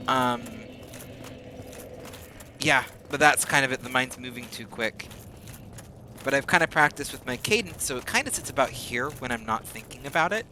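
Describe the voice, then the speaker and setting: Guy rambling while he streams a game, talks quick sometimes, normal pitch, noisy background hum. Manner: rambling, often speeds up into rapid talk. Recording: steady background noise.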